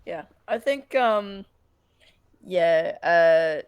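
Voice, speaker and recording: A woman's voice: fairly low pitch, lively intonation, drawn-out words, smooth, no echo, lo-fi sound. A woman playing a tabletop game, talking casually and hesitantly with many fillers. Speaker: player.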